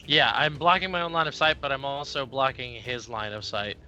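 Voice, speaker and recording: A man's voice: medium pitch, fairly even intonation, brisk, pushed and bright, faint music behind. A man playing a tabletop game, joking and cursing casually. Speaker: player.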